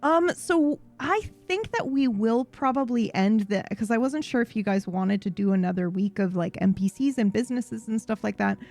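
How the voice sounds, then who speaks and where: Rambling woman streamer, gravelly voice. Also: mid-range voice, a little mellow. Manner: rambling, self-correcting, loose and profane. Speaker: stream host. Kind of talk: casual live-stream chat.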